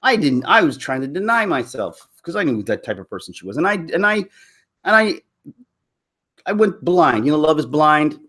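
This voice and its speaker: A man's voice: fairly high pitch, sing-song, normal speed, fairly bright tone. Candid rambling man chatting on stream. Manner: candid, rambling, personal storytelling with frequent restarts. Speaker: YouTube commentator. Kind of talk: live stream chat with viewers.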